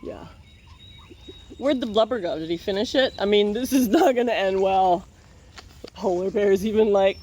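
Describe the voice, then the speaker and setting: A woman's voice: mid-range voice, moderate pace, darkish tone. A woman reads a picture book aloud in a mid-range voice, stopping often for wry, playful asides. Her tone is casual and joking throughout. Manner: playful, wry running commentary.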